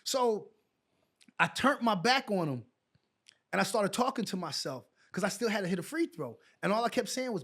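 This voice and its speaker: A man's voice: high-pitched, normal speed. A middle-aged man telling stories in a casual interview, acting out the exchanges he recalls. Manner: animated storyteller who acts out quoted exchanges. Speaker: guest, former pro basketball player.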